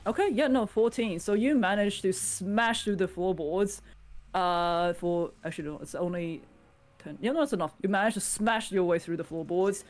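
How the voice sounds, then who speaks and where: A woman's voice: lowish voice, normal speed. A woman narrating as game master of a tabletop game, in a chatty, descriptive way with lots of fillers.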